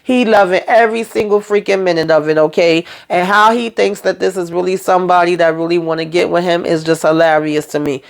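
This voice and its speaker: Woman doing a chatty show recap, kinda gravelly, lots of um and you know. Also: on the low side, fairly even intonation, a little fast, few pauses. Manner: chatty, slangy retelling with frequent fillers. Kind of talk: casual episode recap.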